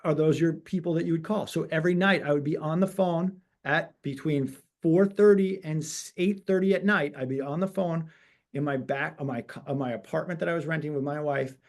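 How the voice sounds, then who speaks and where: This is a man in his forties, a real estate broker who guests on a webinar. His voice sits high for a man. He tells his stories with energy and acts out each exchange he quotes. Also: a little fast. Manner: animated storyteller acting out quoted dialogue. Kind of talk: webinar interview storytelling.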